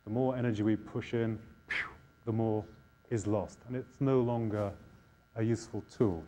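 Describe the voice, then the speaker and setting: A man giving a public science lecture, explaining in a measured way with emphatic pauses. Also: on the low side, steady tone, mellow. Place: lecture hall.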